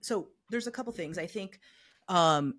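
A woman's voice: on the low side, lively intonation, unhurried, a bit bright, no echo. A middle-aged woman, a health equity consultant, explaining her views as an interview guest in a thoughtful way, often saying "you know". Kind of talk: conversational expert interview.

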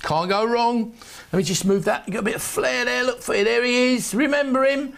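A man's voice: extremely high pitch, a little fast, vocal fry, a bit bright. A man presenting on a shopping channel, giving chatty, jokey sales patter for signed football shirts. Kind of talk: TV sales pitch.

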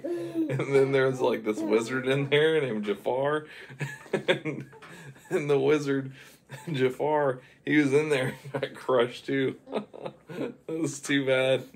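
Rambling man with a gravelly voice. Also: mid-range voice. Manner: rambling, chuckling. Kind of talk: improvised silly storytelling.

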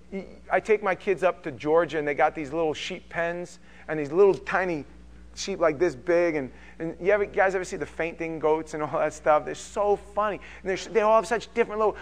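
Animated man preaching a sermon. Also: fairly high pitch. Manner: animated, acts out quotes with sudden loud bursts. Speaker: pastor.

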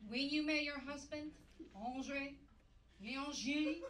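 A woman's voice: high-pitched, a little slow. Woman doing a campy French-Canadian diva. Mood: catty, teasing. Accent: put-on French-Canadian. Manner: loud, campy, sing-song, bursting into shouts. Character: brash diva female singer, vain, flirty, over-the-top. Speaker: comedian doing a character impression. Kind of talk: live stand-up character act. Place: comedy club stage. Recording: roomy live venue from far off, audience noise.

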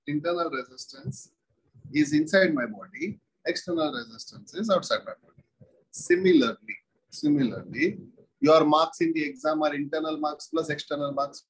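A man delivers a physics lecture, his voice a little husky and pitched somewhat high. He says each point twice and keeps asking rhetorical questions as he teaches. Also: a bit bright, low-quality recording. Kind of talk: classroom lecture.

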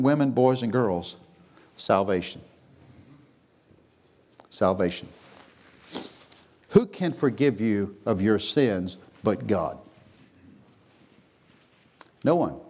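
A pastor preaching a sermon in a church, swinging from hushed, slow lines to loud, high exclamations. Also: male voice. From Texas. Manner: preaching with big swings, dropping to a hush then rising to a near shout. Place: church sanctuary.

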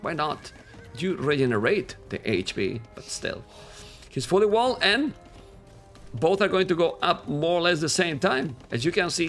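Man, esports caster, raised pitch, very lively intonation, faint music behind. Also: creaky. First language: Spanish. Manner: excitable, animated casting voice, non-native grammar. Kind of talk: live game commentary.

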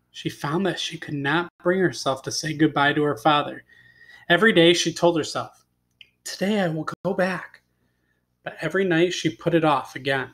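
A male teacher with a somewhat high voice reads a fairy tale aloud with expression. He stops often to ask his class questions about the story. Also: fairly bright tone. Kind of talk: reading a story aloud to students.

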